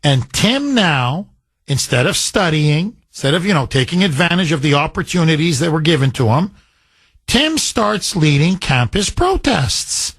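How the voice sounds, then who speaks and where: A man's voice: sits high, fairly bright tone, no echo. A man hosting a talk radio show, speaking emphatically and building heat as he argues.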